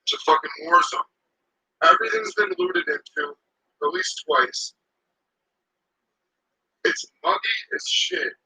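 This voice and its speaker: A man's voice: high voice, wildly swooping pitch, a little slow, vocal fry, pauses often, pushed and bright, husky, low-quality recording. A man ranting casually to camera outdoors. He swears a lot and rambles heatedly.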